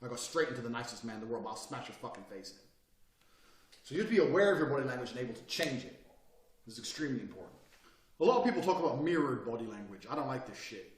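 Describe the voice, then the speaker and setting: A man talking bluntly and profanely in a casual monologue, swinging between loud bursts and quiet, calm lines. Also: mid-range voice, very fast, roomy sound, distant mic.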